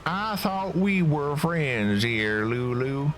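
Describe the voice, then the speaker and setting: A man's voice: on the high side, animated, a bit bright, slight background noise, voice pushed up. Man doing a drawling Southern islander. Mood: aggrieved. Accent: Southern US, put on. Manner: slow drawl.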